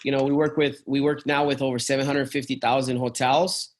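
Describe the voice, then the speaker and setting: A travel business owner chats casually about his company in a medium-pitched, level voice at a fairly quick pace. He rambles, restarting sentences often and filling gaps with "um," "you know," "man," and "dude."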